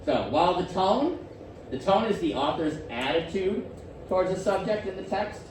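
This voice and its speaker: Animated male teacher in echoey classroom. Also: high voice, normal speed, distant mic, loud music behind the voice. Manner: animated, questioning students. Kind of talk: classroom lesson.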